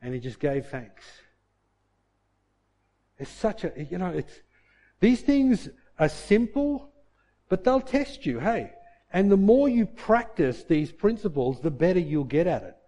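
Middle-aged guy preaching, tells a story, mutters his own thoughts out loud, mellow tone, bit higher voice. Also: very animated, measured pace, long pauses. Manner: storytelling, acts out his own inner grumbling in a low mutter. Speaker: pastor. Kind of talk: sermon with a personal story.

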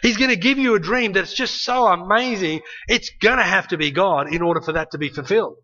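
A man preaching a sermon in a conversational, animated way, often ending points with a tag question. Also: sits high, fairly quick, dull audio.

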